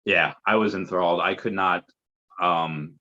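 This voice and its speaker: A man's voice: low-pitched, steady tone, measured pace, sharp tone. A man talking as an interview guest, chatty and rambling, with lots of fillers. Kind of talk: casual conversation. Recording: muffled lo-fi audio.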